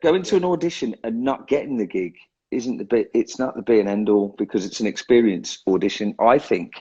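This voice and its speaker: A man's voice: lowish voice, brisk, a little mellow, breathy edge, lo-fi sound. A drummer being interviewed, a man talking in a casual, self-deprecating way who laughs often and restarts his sentences. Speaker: guest drummer.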